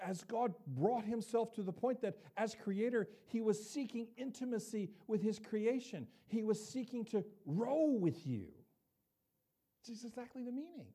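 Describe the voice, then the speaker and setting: A man's voice: high voice, lively intonation, a little slow, warm tone, husky. An older man preaching a sermon as pastor, talking conversationally and often checking in with the congregation with asides.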